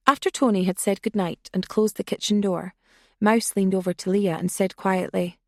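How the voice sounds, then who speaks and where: A woman reading a thriller audiobook in a measured narration that grows hushed in tense passages. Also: mid-range voice, steady tone, dry recording, clean studio sound. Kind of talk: scripted suspense narration.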